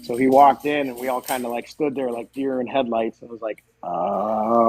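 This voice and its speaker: A man as a podcast guest, telling stories in a casual, animated way and acting out the dialogue. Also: medium pitch, moderate pace, rough recording. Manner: animated, acts out quoted dialogue. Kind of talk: casual storytelling.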